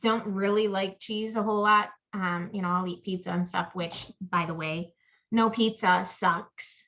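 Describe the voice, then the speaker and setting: A woman's voice: medium pitch, fairly even intonation, a little slow, fairly bright tone. A woman co-hosting a casual chat podcast, rambling through stories and acting out her own inner voice. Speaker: podcast co-host. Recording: muffled lo-fi audio.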